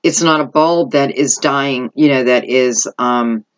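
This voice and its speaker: A woman's voice: very deep voice, measured pace, muffled recording. Rambling middle-aged woman reading tarot. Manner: rambling, thinking aloud, lots of "I feel like" asides. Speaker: tarot reader. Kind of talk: intuitive tarot reading monologue.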